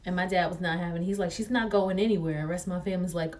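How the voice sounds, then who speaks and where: A young woman telling a story to the camera in an animated way, acting out the voices she quotes. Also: lowish voice, fast talker, recorded from a distance. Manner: excitable, acts out quoted voices.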